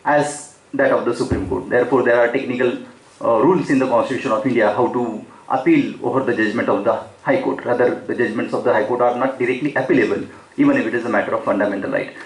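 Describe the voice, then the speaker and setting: A man's voice: medium pitch, fairly even intonation, quick pace. A man giving an unscripted academic lecture at a seminar, with frequent fillers and self-corrections. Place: seminar hall. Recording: echoey hall.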